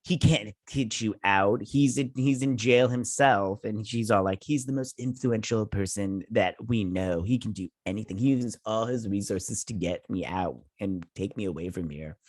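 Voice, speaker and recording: A man's voice: on the low side, normal speed, hardly any pauses, darkish tone, dry recording. Sarcastic man recapping in a dry room. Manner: sarcastic, mocking, with laughs and offhand retellings. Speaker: show host reviewing a TV episode. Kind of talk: casual recap and review.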